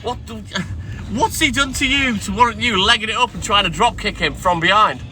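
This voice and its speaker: A milkman streamer chats and banters with viewers on a phone live stream from his delivery van, swearing now and then. His voice sits high and sounds bright and forceful at a normal speed, with music playing clearly in the background.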